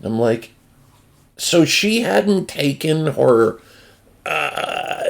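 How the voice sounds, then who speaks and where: A man's voice: on the high side, big pitch swings, very slow, creaky. A man with a Northeastern US accent telling a crude comic story in a rambling, self-interrupting way. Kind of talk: casual comedic storytelling.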